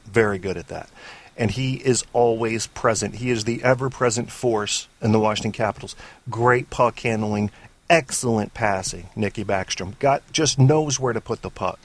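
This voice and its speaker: A man's voice: on the low side, moderate pace. A man hosting a casual call-in sports talk show, opinionated and rambling off on tangents, with frequent swearing. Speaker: sports podcast host.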